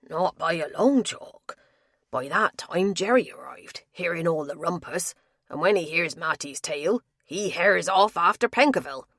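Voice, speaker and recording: A woman reading a big, sulky male tavern tapster with gruff rustic dialect speech. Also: fairly low pitch, expressive, normal speed, a bit bright, no room sound, studio quality. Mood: grumbling.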